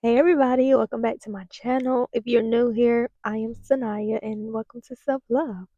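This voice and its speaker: A woman's voice: on the high side, steady tone, moderate pace, mellow, dry recording, muffled recording. A young adult woman vlogging as a holistic nutritionist, emphatic and preachy, repeating herself and sometimes dropping into a whisper. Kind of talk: casual vlog monologue.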